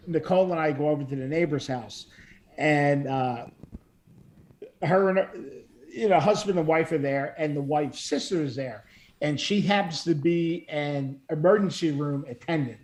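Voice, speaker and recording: A man's voice: on the high side, unhurried, darkish tone. Rambling, laughing man telling stories. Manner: rambling storyteller, laughs often. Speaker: podcast co-host. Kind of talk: casual chat.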